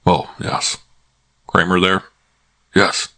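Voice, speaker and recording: A man narrating an audiobook, voicing an imperious older male detective who speaks tersely and in a measured way over the phone. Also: lowish voice, steady tone.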